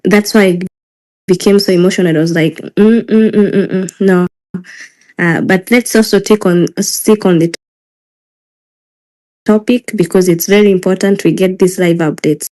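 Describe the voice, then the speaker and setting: A woman's voice: fairly low pitch, steady tone, moderate pace, darkish tone. A woman with a Kenyan accent moderating a live online discussion, insistent and emotional, mixing Swahili phrases into her English. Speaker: moderator of a live audio space.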